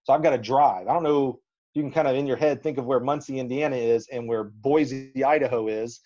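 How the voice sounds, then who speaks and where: A man's voice: mid-range voice, fairly quick. Folksy man from Alabama telling coaching stories. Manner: animated, folksy, acts out quotes. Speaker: track and field coach, guest. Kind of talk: storytelling in a podcast interview. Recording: slightly dull lo-fi audio.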